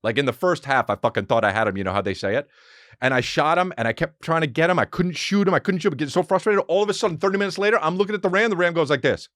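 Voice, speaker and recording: A man's voice: on the high side, racing, dry recording, clean studio sound. A man hosting a podcast, talking in a rambling, profane, comedic monologue. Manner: animated, rambling, heavy swearing. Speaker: podcast host.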